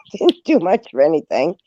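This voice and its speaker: A woman chatting casually on a livestream, telling stories in an animated way and laughing along as she goes. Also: low voice, slow, no room sound. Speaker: livestream guest. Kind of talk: casual chat, storytelling. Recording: dull lo-fi stream audio.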